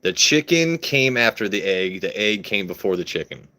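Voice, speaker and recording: A man's voice: lowish voice, very animated, moderate pace, bright, forceful tone. Crude joking whiskey-stream host, a man. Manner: crude, joking, talks back to chat. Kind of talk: casual livestream chat.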